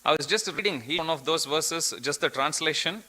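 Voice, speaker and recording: A man's voice: a little high, fairly quick, pushed and bright, low-quality recording. A man giving an earnest devotional scripture class, telling a story and quoting verses.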